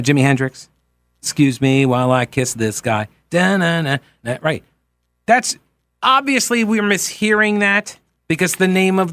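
A man's voice: high voice, pushed and bright, dry recording, clean studio sound. An American man hosting a talk radio show, rambling and joking in a casual way. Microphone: studio microphone.

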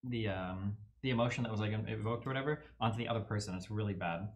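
A man guesting on a podcast, explaining and arguing a point quickly and confidently. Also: fairly low pitch. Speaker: guest commentator. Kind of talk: casual podcast discussion.

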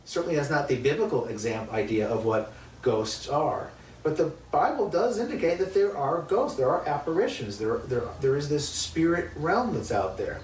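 Speaking at a normal pace, a man with a slightly high, expressive voice teaches Bible study in an emphatic, conversational way, peppering it with rhetorical questions. There is slight background noise, and the distant mic picks up a roomy space with faint ambience.

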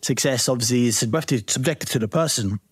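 A man hosts an interview in a mid-range voice, moving between animated stories and probing questions. The recording is dry and close, with no room around it. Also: medium pitch, quick pace, husky, no echo. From England. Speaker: podcast host. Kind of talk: casual interview chat.

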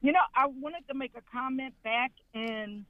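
A man with a high voice talks sports casually and laughs through his story. His mic sounds dry and slightly muffled. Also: moderate pace, no room sound. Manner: laughs while telling a story.

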